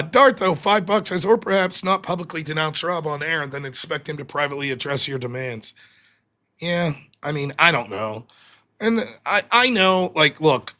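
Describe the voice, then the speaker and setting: A man hosting a live call-in stream, talking casually and animatedly, often sounding exasperated and mocking. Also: a little high. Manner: animated, exasperated, quick to mock. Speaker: livestream host.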